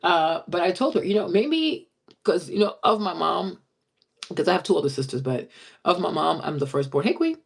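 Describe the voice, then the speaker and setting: A woman's voice: fairly low pitch, animated, moderate pace, vocal fry, breathy edge. A young woman speaking bluntly and emphatically in a casual vlog, often tagging her lines with "okay?" and "right?". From immigrant who moved to the US as a child. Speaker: vlogger. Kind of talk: casual direct-to-camera talk.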